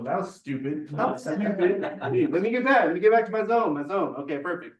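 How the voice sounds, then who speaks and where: A man's voice: sits high, lively intonation, brisk, far from the mic. A man hosting a real estate office meeting, enthusiastic and chatty, repeating words as he urges people on. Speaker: meeting host. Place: large meeting room. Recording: echoey room, heard from afar.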